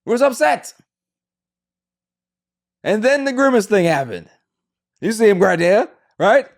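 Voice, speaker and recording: A man's voice: high voice, sing-song, a little slow. A man hosting a sports podcast, talking casually and rambling, with frequent restarts and fillers. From Queens, New York.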